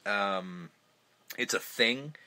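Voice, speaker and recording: A man's voice: fairly low pitch, drawn-out words, pushed and bright. A man hosting a casual film podcast, retelling movie scenes with lots of swearing. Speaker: podcast host.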